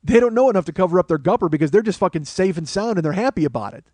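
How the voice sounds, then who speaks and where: Comic male storyteller, fairly high voice, profane and self-mocking, dry close mic. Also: lively intonation, very fast, a little mellow, no echo. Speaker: comedy podcast host.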